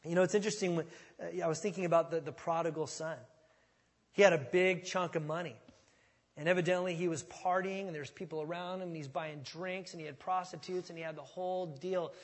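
A man's voice: a little high, fairly even intonation, fairly quick. A man preaching a sermon in a conversational, folksy way, often restarting words as he thinks aloud. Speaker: pastor. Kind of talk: expository sermon. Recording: long reverb of a large hall.

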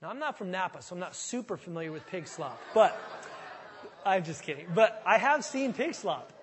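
A high, sing-song male voice carries this expository sermon at a moderate pace, with slight background noise. The pastor is conversational and folksy, often restarting words as he thinks aloud, and the large hall gives long reverb.

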